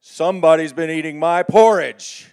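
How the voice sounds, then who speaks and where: A man's voice: fairly high pitch, normal speed, darkish tone, smooth, close to an everyday voice. A man voicing a big grumbling papa bear in a storybook retelling.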